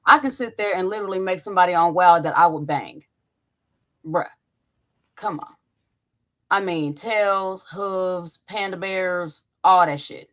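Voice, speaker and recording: A young adult woman hosting a podcast over a video call, chatting casually with loud, profane storytelling. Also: on the low side, a little slow, long pauses. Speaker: podcast host. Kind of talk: casual chat.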